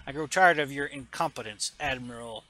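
A man voicing a menacing, cold male dark lord who speaks in slow, clipped threats. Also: medium pitch, a little hiss or hum, lightly acted.

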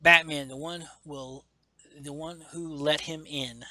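Bright-voiced, enthusiastic man. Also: on the high side, steady tone, slow pace, no room sound. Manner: enthusiastic, playing out the characters' lines with many fillers. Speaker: comic book podcast host. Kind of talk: casual chat, reading a comic aloud.

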